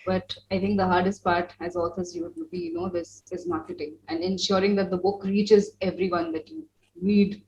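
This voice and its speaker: A woman's voice: on the low side, flat delivery, normal speed, darkish tone, lo-fi sound. A woman hosting a casual interview chat, chiming in with friendly encouraging remarks. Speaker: podcast host.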